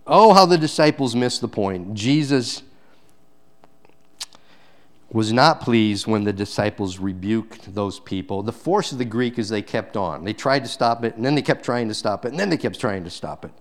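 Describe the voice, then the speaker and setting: A male pastor preaching a sermon, swinging between loud emphatic peaks and quiet, intense passages, with rhetorical questions to the congregation. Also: lowish voice, lively intonation, normal speed, hardly any pauses.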